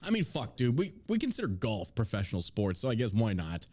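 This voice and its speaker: Man, podcast host, crude comedic banter, profane, mocking, very lively pitch. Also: fairly quick, husky. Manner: profane, mocking, slips into put-on accents for jokes.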